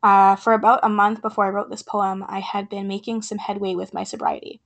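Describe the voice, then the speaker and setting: A woman hosting her own podcast, talking earnestly with many fillers, her voice raspy from being sick. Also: mid-range voice, flat delivery, brisk. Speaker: podcast host. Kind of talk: casual podcast talk and poetry reading.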